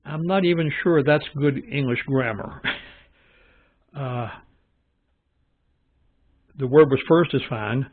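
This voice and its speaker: A man talks through his views in a musing, halting, opinionated way, like a host chatting on his own channel. The audio is thin and phone-like. It is dry, with no room echo. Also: medium pitch. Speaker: channel host reviewing Bible translations. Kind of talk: casual spoken commentary.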